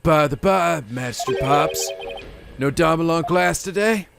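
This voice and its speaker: Man doing a slow gravelly stoner hippie monk, music behind. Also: on the high side. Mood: mellow. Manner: slow stoner drawl, groovy slang. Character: laid-back hippie male monk musician. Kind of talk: video game voice-over reading.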